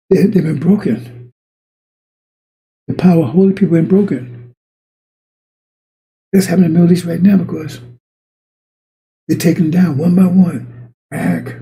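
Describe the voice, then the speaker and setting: A man's voice: a little high, gravelly, dark tone, low-quality recording. A man preaching a sermon in a colloquial, repetitive way, addressing his congregation as brothers and sisters.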